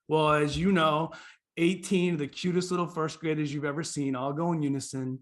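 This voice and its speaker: A man with a Boston accent, a guest on a podcast interview, who tells stories in an animated way and acts out the characters. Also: on the high side, brisk. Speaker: guest speaker.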